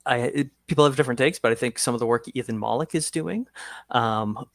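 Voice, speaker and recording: A man's voice: mid-range voice, fairly quick, creaky, no echo, clean studio sound. A man speaking as a panelist in a webinar discussion over a video call, rambling and hedging with lots of "you know" and "like".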